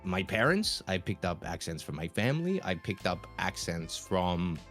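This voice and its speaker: A man's voice: low voice, big pitch swings, normal speed, a bit bright, faint music behind. A man from Australia with a mixed Australian accent, a guest content creator in a casual chat. He is chatty, stammers, restarts a lot and laughs easily.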